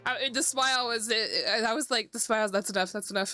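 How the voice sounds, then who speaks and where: A woman streaming a game, reading its dialogue and reacting, excitable and giggly, sometimes swearing. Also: fairly high pitch, fast talker, few pauses. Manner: excitable and giggly, swears, talks to her dog. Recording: clear background music.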